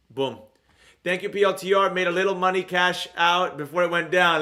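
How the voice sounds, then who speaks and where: A man hosting his own live stream on trading, chatting loosely and answering viewer comments in a rambling, energetic way. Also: high voice, normal speed. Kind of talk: casual live-stream chat reading comments.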